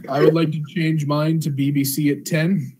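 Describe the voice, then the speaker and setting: A man's voice: fairly high pitch, level tone, moderate pace, heavy background noise. A young man hosting a casual comedy podcast, joking around with friends. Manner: joking, puts on silly voices. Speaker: podcast host.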